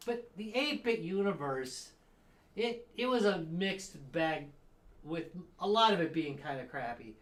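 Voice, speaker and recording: A man's voice: sits high, expressive, a little slow. A man co-hosting a podcast, chatting loosely and rambling with jokes and laughter. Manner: rambling, jokey, laughs often. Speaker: podcast co-host. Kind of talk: casual chat.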